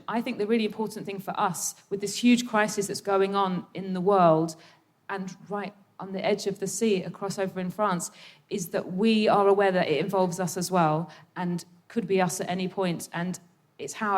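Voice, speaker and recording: A woman comedian guest on a live stage, speaking in an earnest, quick and passionate way. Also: mid-range voice, darkish tone. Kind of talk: onstage conversation. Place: live theatre stage before an audience.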